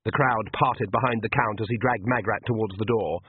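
A man's voice: lowish voice, steady tone, fairly quick, breathy edge. Man narrating, tinny lo-fi sound. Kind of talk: audiobook narration. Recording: tinny phone-like, dry audio.

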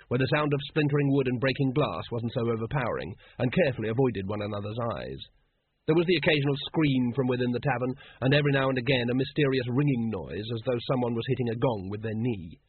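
A male narrator telling a story in a dry, wry way, his voice husky and close with no room around it. The whole recording is squeezed into a narrow phone-like band. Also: mid-range voice, no room sound. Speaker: audiobook narrator. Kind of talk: scripted narration.

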